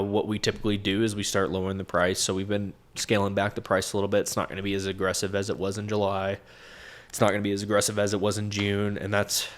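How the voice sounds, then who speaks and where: A man with a deep, low voice that comes out nasal and congested from a stuffy nose. He talks in a relaxed podcast chat, giving plain practical advice as a co-host. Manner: plainspoken, advisory. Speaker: co-host, property manager. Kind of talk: casual business podcast chat.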